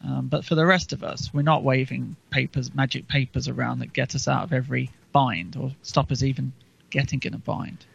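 Gravelly man chatting on a podcast. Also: medium pitch, fairly even intonation, fairly quick, a bit bright. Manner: rambling, with frequent ums and restarts. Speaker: podcast co-host. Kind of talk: casual political chat. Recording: dull lo-fi recording.

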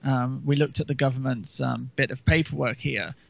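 A man co-hosts a casual podcast chat, his voice gravelly with fry. He rambles and restarts, filling gaps with ums. The recording is dull and lo-fi, and the room sounds dry. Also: medium pitch, steady tone, normal speed, a bit bright, no echo. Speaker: podcast co-host.

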